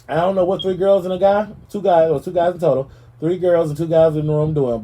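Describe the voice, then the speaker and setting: A man hosting a gossip show, talking in a sassy, animated way and speaking straight to the celebrities he discusses. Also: fairly high pitch, poor audio. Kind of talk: casual celebrity gossip commentary.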